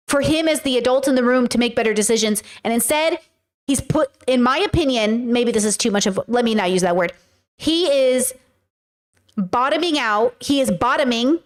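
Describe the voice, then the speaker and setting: A woman hosting a casual commentary stream, her voice sitting a little high for a woman. She talks in an emphatic, slangy way and addresses her chat directly, circling back and restating her points.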